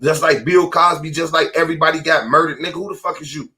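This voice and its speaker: A man's voice: fairly high pitch, steady tone, quick pace, pushed and bright. A man hosting a podcast, delivering an angry, profane and confrontational monologue from home. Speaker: podcast host.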